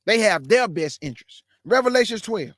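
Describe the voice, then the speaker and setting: High-voiced fast-talking preacher man. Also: very animated, a bit bright, dry recording, studio quality. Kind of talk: live-streamed bible teaching.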